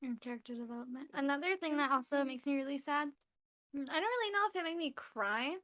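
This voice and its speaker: A woman's voice: sits high, lively intonation, quick pace, a bit bright. A woman co-hosting a casual podcast, chatty and retelling scenes while acting out the lines. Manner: chatty, acts out quotes in retelling. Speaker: podcast co-host. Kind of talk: casual chat.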